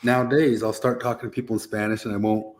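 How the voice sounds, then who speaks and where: A man's voice: on the low side, level tone, quick pace. A man, a podcast co-host, chatting in an easygoing way, often laughing and trailing off. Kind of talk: casual chat.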